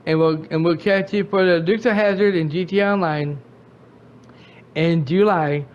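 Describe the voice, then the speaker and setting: A riled-up man with a drawl and a voice that sits high for a man, scolding a friend in a long rant. His sentences keep stopping and starting over as he repeats himself. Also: fairly even intonation, normal speed, highs cut off. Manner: angry, repetitive, stumbling restarts. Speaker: gaming channel host.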